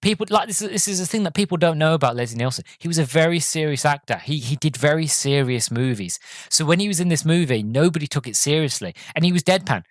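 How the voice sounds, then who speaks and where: A man's voice: fairly high pitch, animated, fast, no echo, clean studio sound. A man hosting a podcast, recapping a movie in a rambling, enthusiastic way. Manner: rambling, enthusiastic, many restarts. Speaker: podcast host. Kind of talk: casual movie review.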